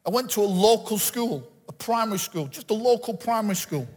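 A middle-aged man from England, preaching a lively sermon and acting out the quotes he tells. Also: high-pitched, fairly quick. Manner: animated preaching, acts out quotes. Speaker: guest pastor. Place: church hall. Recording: reverberant church hall.

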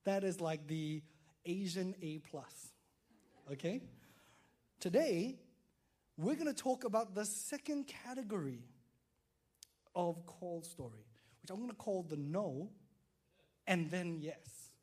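Male preacher, unhurried delivery, lively storyteller acting out his characters. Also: high-pitched. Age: adult father. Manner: animated storytelling, acts out quotes, frequent "right?" to listeners. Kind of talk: sermon.

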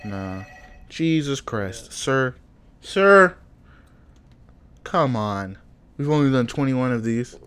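A man's voice: mid-range voice, lively intonation, slow, pauses often, a bit bright, clear, resonant tone. A man hosting a podcast in casual, joking chat, teasing his co-host and laughing often.

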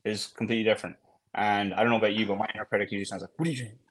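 A man's voice: fairly low pitch, little pitch movement, rapid-fire. A man co-hosting a podcast in casual chat, explaining his points with examples. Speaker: podcast co-host.

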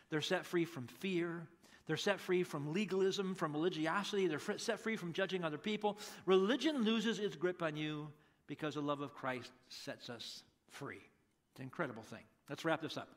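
A man's voice: on the high side, fairly bright tone. A man preaching a sermon as pastor, in a conversational way, acting out the people in the story. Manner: conversational, acts out quotes animatedly.

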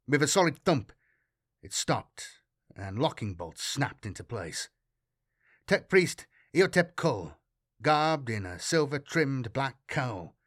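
A man reading a science fiction audiobook in a measured, dramatic way. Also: mid-range voice, dry recording, clean studio sound. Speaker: audiobook narrator. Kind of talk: scripted narration of science fiction.

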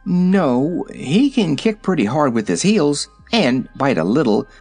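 A man's voice: on the high side, big pitch swings, measured pace, a little mellow, slightly rough, soft background music, exaggerated voice. A man voicing a curious, plain-spoken young girl in a storybook reading.

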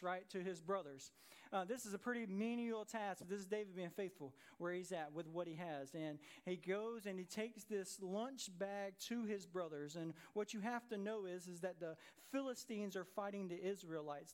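A man preaching a sermon as pastor, telling a Bible story in an animated way and acting out its characters' voices. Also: sits high.

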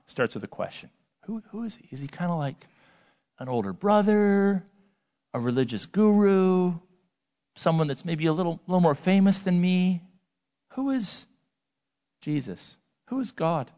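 Guy preaching, bouncy up-and-down voice, kinda high, big echoey hall. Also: unhurried, long pauses. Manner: animated, conversational preaching with rhetorical questions. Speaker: pastor. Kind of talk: sermon. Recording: long hall reverb.

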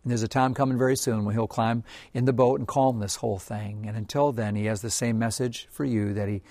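A man preaching an earnest, gentle devotional sermon, often dropping to a soft hush. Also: medium pitch, fairly even intonation, brisk, dry recording. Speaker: pastor.

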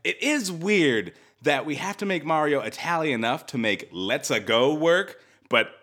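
A man's voice: a little high, animated, normal speed, fairly bright tone. A young man co-hosting a podcast, rambling and joking in casual chat with many restarts. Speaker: podcast co-host.

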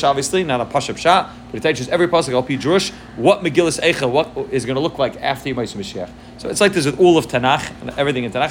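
A man's voice: mid-range voice, a little hiss or hum. A man giving a Torah class, explaining texts line by line and mixing Hebrew and Yiddish terms into English, often checking in with "right?". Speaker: Torah teacher.

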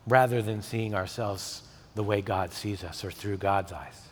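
A male pastor delivering a sermon, swinging from emphatic peaks to soft, intimate tones. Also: on the low side, measured pace, a little hiss or hum. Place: church sanctuary. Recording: long hall reverb.

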